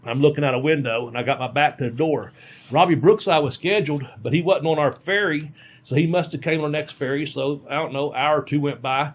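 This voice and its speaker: A man's voice: on the high side, fairly quick. A middle-aged man, a veteran pro wrestler, telling a long casual podcast story with many ums and restarts.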